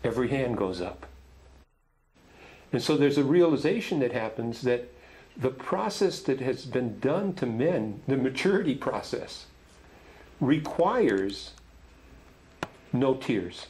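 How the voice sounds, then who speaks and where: A middle-aged man talks slowly and gently, often pausing and restarting his sentences. He leads a men's group and tells its stories in a soft, unhurried way. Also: mid-range voice, big pitch swings, low-quality recording. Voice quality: gentle, halting, with many restarts. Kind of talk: storytelling talk.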